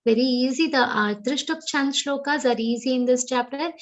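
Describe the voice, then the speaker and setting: A woman with an Indian English accent teaching Sanskrit pronunciation in an online class, chanting verses slowly and correcting each sound precisely. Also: sits high. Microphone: online video call.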